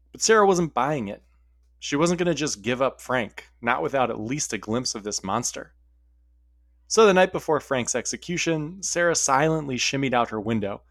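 A man's voice: medium pitch, no echo, clean studio sound. A man narrating a story in a casual way, with wry asides.

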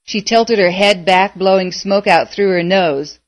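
A woman narrating a story aloud in a measured, expressive way. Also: medium pitch, no echo. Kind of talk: audiobook narration.

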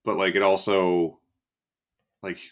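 A man's voice: deep voice, flat delivery, takes it slowly. A man co-hosting a casual film review podcast, talking in a dry, weary way with many fillers and trailing remarks. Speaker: podcast co-host.

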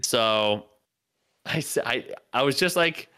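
A man's voice: mid-range voice, lively intonation, slow, pushed and bright, smooth. A young man from North Carolina, a comedian co-hosting a podcast, telling a rambling, profane story with lots of filler words. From North Carolina, USA. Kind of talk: casual storytelling.

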